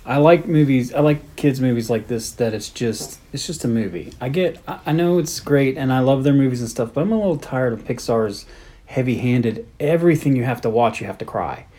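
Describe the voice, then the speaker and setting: A man's voice: medium pitch, fairly quick, dark tone. A man co-hosting a movie podcast, speaking hesitantly and bluntly, cursing at times. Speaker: podcast co-host. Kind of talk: casual movie review chat.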